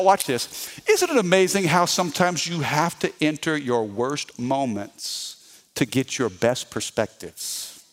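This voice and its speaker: A man preaching a sermon as pastor, talking in an animated, conversational way and often repeating his words. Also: high-pitched.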